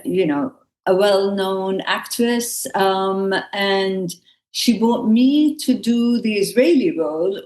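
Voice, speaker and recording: A woman who is a stage actress, answering on a panel in an unhurried way and often restarting and correcting herself. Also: medium pitch, a little mellow. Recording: echoey room.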